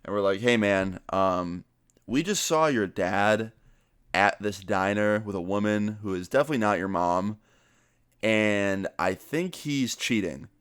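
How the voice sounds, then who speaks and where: A young man telling a story on his vlog in a casual, animated way, swearing freely and raising his voice to act out what others said. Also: on the low side, measured pace, smooth, dry recording, clean studio sound. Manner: animated, swearing, acts out quotes in raised voice. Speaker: vlogger telling a story time.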